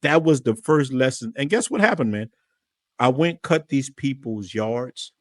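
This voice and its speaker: A man speaks as a podcast guest, telling a story from his own life in a lively, casual way and doubling back on his words. His voice sits at an ordinary middle pitch. The sound is dry and close, with no room echo. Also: a little slow. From New Orleans area, USA. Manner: animated, repeats words while telling a story.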